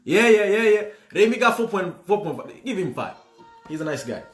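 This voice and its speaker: Hosting a livestream trivia game, a man greets viewers by name and playfully switches between languages. His high voice swings widely in pitch and moves fairly quickly, in a roomy space with music behind him.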